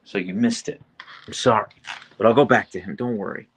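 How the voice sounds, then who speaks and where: A man's voice: lowish voice, brisk, slight background noise. A man hosting a casual live stream from his phone, reading viewer comments aloud and chatting to his dogs in an easygoing way. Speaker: livestream host.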